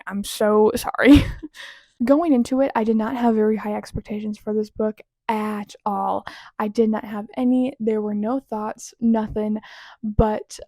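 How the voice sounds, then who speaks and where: A woman's voice: on the high side, warm tone, no room sound, studio quality. A young woman chatting casually as a book vlogger, rambling through her monthly reading with restarts and laughs. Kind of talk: casual chat.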